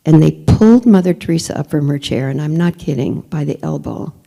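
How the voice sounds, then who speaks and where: A woman's voice: deep voice, animated, a little fast, creaky, dark tone. A woman telling a personal story in a church talk, candid and emphatic, often searching for words. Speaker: speaker.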